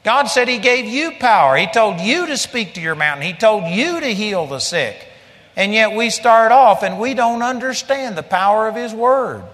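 A male preacher delivering a blunt, forceful sermon. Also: high voice, animated, normal speed, in a large hall.

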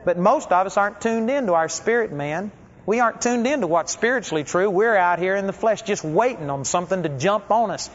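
A man's voice: high-pitched, lively intonation, a little fast. A man preaching a sermon, telling stories in a conversational, folksy way. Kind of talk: storytelling sermon. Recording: dull lo-fi recording with long hall reverb.

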